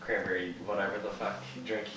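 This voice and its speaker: A man's voice: on the low side, level tone, a little fast, pushed and bright, husky, poor audio. A man, the show's audio producer, chiming in with dry, offhand remarks during a casual podcast chat.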